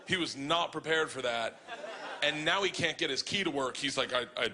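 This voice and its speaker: A man performing stand-up on a club stage, telling stories in a profane, animated way. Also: on the high side, normal speed, a crowd in the background. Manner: profane, animated, acting out voices. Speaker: stand-up comedian. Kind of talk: stand-up storytelling.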